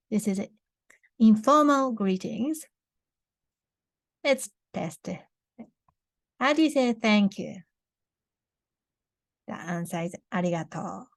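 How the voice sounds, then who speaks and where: A young woman with a Japanese accent teaching a beginner language lesson, saying words slowly and clearly for repetition, with frequent restarts. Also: mid-range voice, dry recording, clean studio sound. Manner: slow, careful model pronunciations with many restarts.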